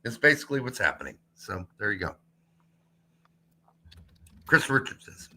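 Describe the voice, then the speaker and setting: A man's voice: fairly low pitch, big pitch swings, normal speed, pushed and bright. A man co-hosting a casual soccer podcast, talking in a dry, sarcastic and profane way. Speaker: podcast co-host.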